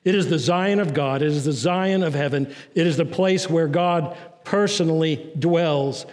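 A man preaching a sermon as pastor, swinging from raised, urgent lines to low, quiet ones. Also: normal speed, long reverb tail. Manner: preaching with rising and falling intensity, dropping low and soft on key lines.

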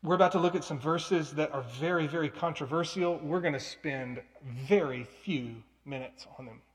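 A man preaching a sermon, telling stories earnestly and breaking into loud, emphatic bursts. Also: a little high, normal speed. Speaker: pastor. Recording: long hall reverb.

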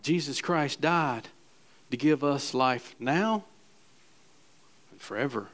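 A man preaching a sermon, reading scripture aloud and swinging between hushed, quiet passages and loud, fervent ones. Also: mid-range voice, slow pace, pauses often. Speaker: pastor.

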